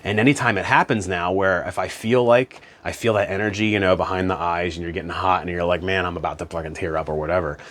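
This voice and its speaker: A man's voice: deep voice, fairly even intonation, fast talker, few pauses, a bit bright. A man talking as a spiritual self-help coach in a casual, conversational monologue, often saying "you know" and "man".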